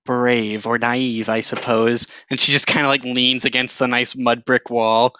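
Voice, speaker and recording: A man's voice: medium pitch, flat delivery, measured pace, bright, forceful tone, smooth, no echo, rough recording. Young man running a tabletop game. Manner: casual, hesitant, many fillers. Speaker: game master. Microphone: voice chat microphone.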